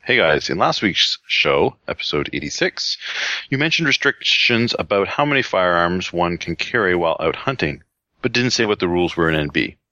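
A man with a very low, bright and forceful voice co-hosts a relaxed podcast, agreeing easily and laughing often. The sound is dull and a bit lo-fi, in a dry room. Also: moderate pace, dry recording. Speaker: podcast co-host. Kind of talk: casual chat, reading listener emails.

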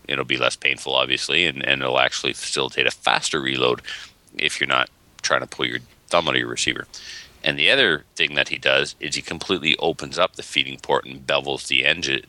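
A man with a very deep voice that still cuts through with a bright, forward edge. He co-hosts a relaxed podcast, rambling through long stories and acting out the voices of people he quotes. The sound is dry and close, with no room around it. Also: no echo. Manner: rambling, animated storyteller, acts out quoted voices. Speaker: podcast co-host. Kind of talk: casual chat.

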